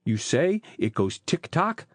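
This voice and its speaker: A man reading an audiobook, voicing a gruff, commanding police chief. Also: on the high side, sing-song, unhurried, no echo, clean studio sound. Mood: bossy. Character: bossy small-town police chief, man.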